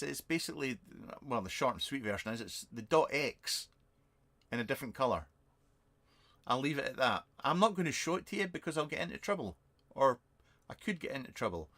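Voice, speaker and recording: A sarcastic, rambling British man over 50, a vape reviewer and channel host, answers viewer questions in a casual live-stream chat from his home shed, recorded on a webcam. His mid-range voice is animated, brisk and sharp, full of fillers and self-mockery.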